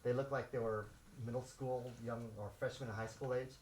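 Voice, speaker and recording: A man in his sixties who grew up in Los Angeles, a martial arts instructor telling stories to his students and acting out the shouts, laughing often. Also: mid-range voice, brisk, slight background noise. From South Central Los Angeles. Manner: animated, acts out shouts and quotes, laughs often. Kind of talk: storytelling to students.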